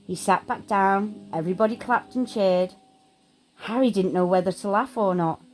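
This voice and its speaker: A woman reading a children's fantasy storybook aloud, in a steady, expressive way. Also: medium pitch, moderate pace, faint music behind, low-quality recording.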